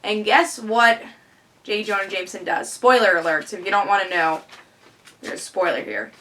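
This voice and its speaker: A woman giving a casual comic book review on her vlog, excitable and fond of rhetorical questions. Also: medium pitch, normal speed.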